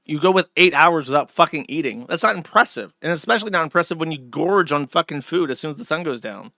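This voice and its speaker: Scornful man ranting, bright tone. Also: on the high side, animated, fast. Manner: scornful, profane, emphatic. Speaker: host. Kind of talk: commentary rant.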